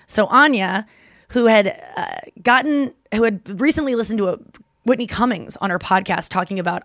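A woman's voice: medium pitch, normal speed, fairly bright tone, no room sound, studio quality. A woman in her thirties hosting a podcast, chatting casually and retelling stories with quoted voices. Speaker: podcast host and comedian.

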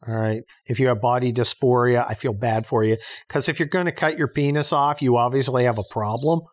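A podcast host rants through a casual monologue in a mid-range, steady voice at a brisk clip. He's blunt and sarcastic, swears a lot, and keeps restarting his sentences.

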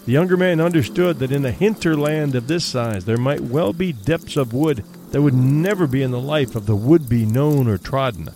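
A man narrating an audiobook horror story in a measured storytelling manner. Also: mid-range voice, warm tone, slight background noise.

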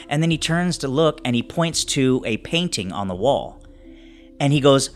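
A man playing a tabletop role-playing game, narrating his character's actions in a halting way with many restarts. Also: mid-range voice, expressive, faint music behind. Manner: halting, many restarts while describing scenes. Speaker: player.

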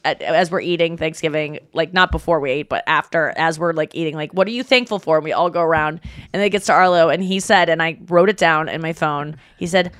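A woman's voice: low voice, fast, clear, resonant tone. A woman in her thirties hosting a podcast, telling stories in casual chat, with lots of fillers and restarts. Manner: animated storyteller, many fillers and restarts. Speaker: podcast host.

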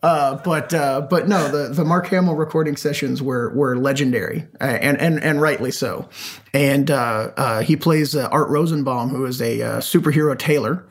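A man as an interview guest, an animated storyteller who acts out quotes and uses many fillers. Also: mid-range voice, normal speed. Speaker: comic creator guest. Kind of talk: casual interview talk.

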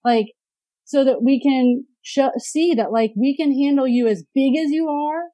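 A woman's voice: high-pitched, a little slow, mellow, no echo, rough recording. A woman therapist in casual podcast conversation, chatty, with many filler words and brief mimicking of parents.

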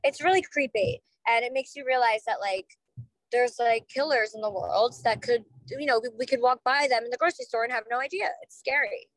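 A woman's voice: fairly high pitch, fairly quick, a bit bright, dry recording, low-quality recording. A woman co-hosting a podcast in casual chat, blunt and outspoken, swearing freely. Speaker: podcast co-host.

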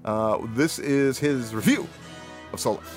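A man hosting a casual podcast, laid-back and quick to laugh, with lots of hesitant fillers. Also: mid-range voice, faint music behind. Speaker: podcast host.

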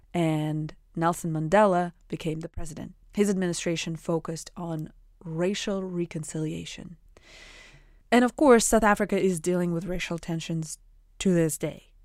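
A woman with a lowish voice reads a scripted introduction, explaining the background in a measured way. The recording is close and dry. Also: darkish tone, dry recording. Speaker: podcast host. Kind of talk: scripted narration.

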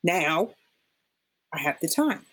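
This woman speaks slowly with a fairly low pitch, appearing as a guest in a conversational podcast interview. With animated emphasis, she recounts stories and acts out what people said to her.

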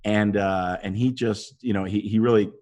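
A middle-aged man, an actor, telling animated stories in a casual interview and acting out what people said. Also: lowish voice, normal speed. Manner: animated storytelling, acts out quotes. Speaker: actor guest.

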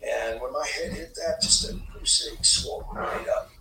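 In a played clip, a guest tells a rambling anecdote with lots of laughter, acting out the others involved. His medium-pitched, gravelly voice comes at a moderate pace, and the recording is very noisy, distant and echoey, with faint TV ambience.

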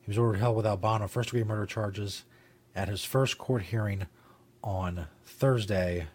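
A man's voice: lowish voice, moderate pace, breathy edge. A male talk-show host rambling casually and profanely, laughing at his own jokes, in a studio.

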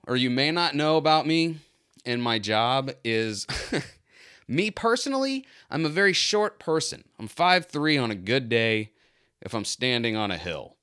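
A man's voice: medium pitch, smooth, dry recording, studio quality. A man who cleans pools tells a personal story casually, poking fun at himself and acting out what people said. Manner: animated, self-mocking, acts out quoted lines. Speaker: pool cleaner.

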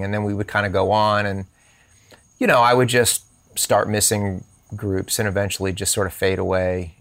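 A man's voice: on the low side, a little fast, a bit bright. A man who is a podcast guest, telling a personal faith story and acting out quoted dialogue in shifting voices.

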